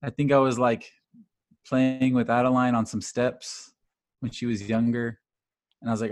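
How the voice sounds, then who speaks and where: A man in his thirties, a podcast guest, telling animated stories with lively quoted voices. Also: mid-range voice, moderate pace, long pauses, no room sound. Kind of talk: casual chat.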